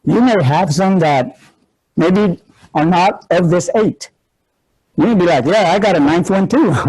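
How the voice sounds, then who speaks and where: A man's voice: high voice, a little mellow, poor audio. A male ministry instructor who teaches through stories, joking and laughing at himself before an audience. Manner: humorous, laughs often, self-mocking. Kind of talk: teaching session with personal stories.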